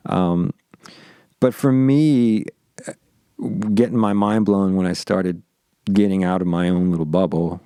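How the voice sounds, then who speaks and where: Male interview guest from Austin, deep and warm-toned, dry close sound, thoughtful and stop-start delivery. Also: steady tone, smooth, no echo. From Austin, Texas. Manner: reflective, halting, repeats words as he thinks. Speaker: guest musician. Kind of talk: casual interview conversation.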